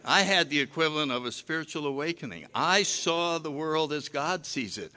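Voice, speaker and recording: Older guy, bright forceful voice, telling his drinking story, acts out what he said back then, pokes fun at himself. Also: on the high side, moderate pace, a little hiss or hum. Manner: animated, self-mocking, acts out his own past lines. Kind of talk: personal storytelling talk.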